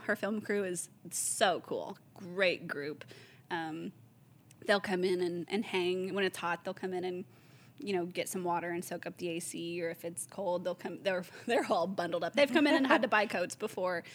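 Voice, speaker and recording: A woman, a store owner casually telling lively stories, acting out the voices of the people she quotes. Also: on the low side, moderate pace. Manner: animated storyteller, acts out quoted voices, laughs often. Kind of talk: casual chat.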